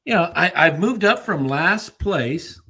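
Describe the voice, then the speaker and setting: A man co-hosting a casual sports talk show, excitable, laughing often and pushing his own theories. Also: on the high side, measured pace. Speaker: podcast co-host.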